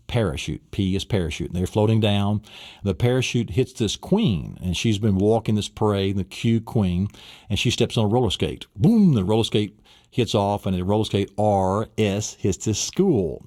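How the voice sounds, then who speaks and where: A man's voice: lowish voice, dry recording, clean studio sound. A man teaching a memory course in a recorded seminar lesson. He tells vivid little stories with sound effects and keeps asking rhetorical questions. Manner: animated storyteller, adds sound effects and asks rhetorical questions. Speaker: memory-training instructor.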